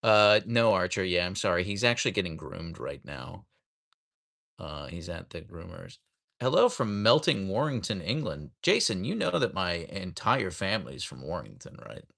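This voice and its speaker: A man hosts a relaxed livestream from home and talks to a camera on a tripod. His fairly low voice has a gravelly edge, and his pitch swings widely as he greets viewers by name and reads out their comments. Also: normal speed. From United States. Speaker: livestream host reading chat. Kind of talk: casual livestream chat. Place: home, rainy day.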